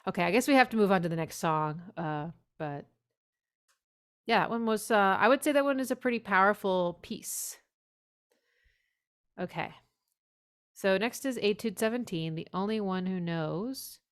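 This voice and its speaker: A woman's voice: medium pitch, normal speed, pauses often, clean tone. A woman music teacher giving casual, enthusiastic feedback on a student's song, humming melodies along as she listens. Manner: enthusiastic, warm praise, hums melodies along. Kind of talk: casual spoken critique over playback. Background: music playing.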